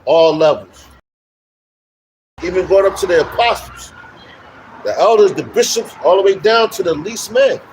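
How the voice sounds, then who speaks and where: A man preaching on the street, emphatic and repetitive, with loud bursts. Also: sits high, animated, normal speed, pauses often, a little hiss or hum, rough recording. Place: outdoors on a street.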